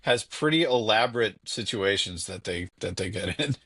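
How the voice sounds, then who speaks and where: A man's voice: lowish voice, expressive, moderate pace, fairly bright tone, husky. A man telling casual, rambling stories about his young daughter as a podcast guest, speaking from his home basement over a call. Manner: rambling, filler-heavy anecdotes. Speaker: guest, father. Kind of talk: casual storytelling.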